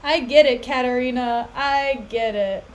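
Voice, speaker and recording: A young woman chats casually on a stream while reading a play aloud. Her voice sits high, and she talks in an animated way with frequent laughs. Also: measured pace, rough recording. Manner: animated, laughs often, chatty asides. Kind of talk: casual chat.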